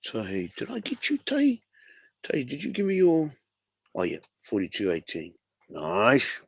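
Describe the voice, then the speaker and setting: A man's voice: mid-range voice, wildly swooping pitch, measured pace, vocal fry, slightly rough, no echo. Kiwi guy hosting a fan stream, chill and slangy, dry close sound. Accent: New Zealand. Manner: laid-back, slangy, calls everyone bro. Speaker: fan show host. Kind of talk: casual livestream chat.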